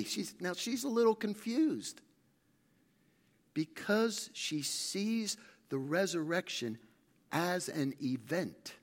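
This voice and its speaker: A man preaching a sermon as pastor, swinging between shouted peaks and hushed, intimate passages. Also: high-pitched, expressive, takes it slowly, long pauses.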